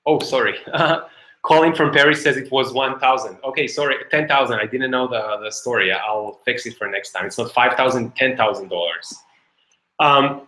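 A man leading an online webinar, who chats freely and keeps checking in with "okay?". His voice is bright and sharp, with a medium pitch. The room around him echoes. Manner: chatty, many fillers and "okay?" checks. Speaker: webinar teacher, company co-founder.

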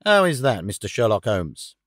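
A man voicing a brisk, self-satisfied police inspector in an audiobook. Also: on the low side, big pitch swings, no room sound, studio quality, voice pushed down. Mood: boastful. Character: blustering confident male police inspector.

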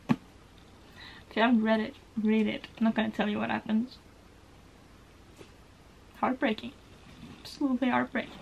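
Brief: young female book vlogger from Norway, higher voice, effusive, faint room hum. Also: vocal fry, a little mellow, muffled recording. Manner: gushing, emotional, rambling with many "like"s. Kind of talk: casual book tag vlog.

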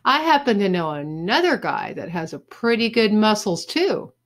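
A woman's voice: mid-range voice, expressive, normal speed, close to an everyday voice. A woman doing a cocky schoolboy. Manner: casual, offhand. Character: cool, cocky fourth-grade boy.

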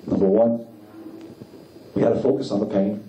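A man preaching with impassioned, climbing emphasis. His voice is warm and mellow. He is picked up from a distance in an echoey hall, with a faint hum of the room behind him. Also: level tone, normal speed, lo-fi sound. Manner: impassioned, rising pitch for emphasis. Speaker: rabbi. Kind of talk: sermon.

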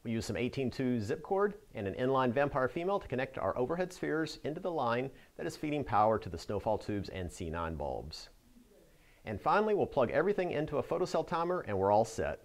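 A medium-pitched man narrates a scripted how-to, playing a Christmas lighting expert who answers a viewer's question. His delivery is upbeat and instructional.

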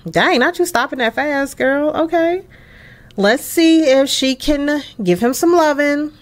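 A young woman hosting a life-sim let's play, giving casual, chatty and emphatic gameplay commentary with excited bursts. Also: high-pitched, unhurried.

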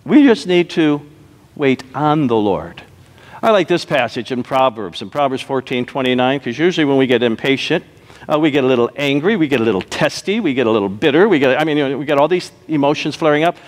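A male pastor preaching a sermon, telling a joke story, then slowing down to stress key phrases. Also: medium pitch, expressive. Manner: storytelling with punchlines, slow emphatic repetition. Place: church sanctuary. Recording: long reverb of a church hall.

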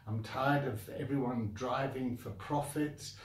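A man's voice: on the high side, moderate pace, echoey room, recorded from a distance. A man with a South African accent who founded a coaching academy, bluntly venting his frustration straight to the camera with sighs and repeated complaints. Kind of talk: direct-to-camera rant.

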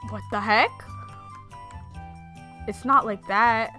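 A woman commentating her own gameplay, reacting loudly and giggling, sometimes voicing the characters. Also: on the high side, takes it slowly, faint music behind. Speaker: gamer. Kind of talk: let's play commentary.

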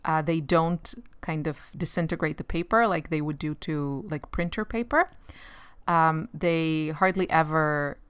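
Chatty woman with a smooth, low voice. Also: a little slow, fairly bright tone, no room sound. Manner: chatty and rambling, many fillers, laughs often. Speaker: art vlogger. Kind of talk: casual chat while sketching.

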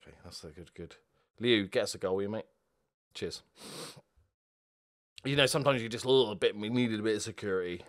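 A young man giving a football video game live commentary, excitable and sweary, moving between quiet muttering and loud outbursts. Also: on the low side, brisk, long pauses. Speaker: gaming video host.

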